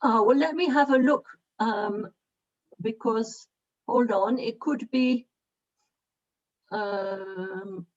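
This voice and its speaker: A woman hosting an online meeting, talking haltingly with many fillers while she sorts out settings on a video call. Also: on the high side, muffled recording. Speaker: event host.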